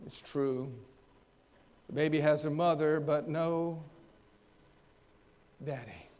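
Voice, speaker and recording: A man preaching a sermon, acting out the people in the story and swinging between loud and soft. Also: a little high, fairly even intonation, slow pace. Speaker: pastor.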